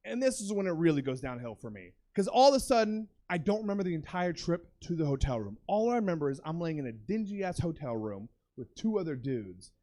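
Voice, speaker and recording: A young man doing a stand-up comedy set on a club stage, telling a profane, animated story and bursting into shouted impressions. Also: on the high side, brisk, hardly any pauses.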